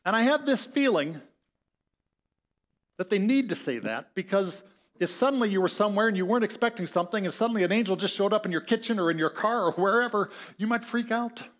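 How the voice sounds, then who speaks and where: Lively male pastor with a higher voice. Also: brisk. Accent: Upper Midwest American. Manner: conversational, animated storytelling, acts out voices in the story. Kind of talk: sermon. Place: church sanctuary.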